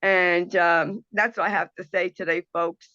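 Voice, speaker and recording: A woman's voice: on the low side, steady tone, unhurried, pushed and bright, no room sound, highs cut off. A woman hosting an internet radio talk show, speaking in an earnest, emotional and impassioned monologue over a video call.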